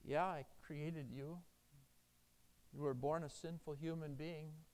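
A preacher voicing a grave, solemn God. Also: male voice, fairly high pitch, steady tone, slow pace, darkish tone, low-quality recording. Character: God speaking on Judgment Day.

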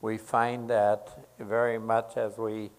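Slow, earnest male preacher. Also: fairly low pitch, flat delivery, low-quality recording. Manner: slow, earnest, repeating phrases for emphasis. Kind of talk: sermon.

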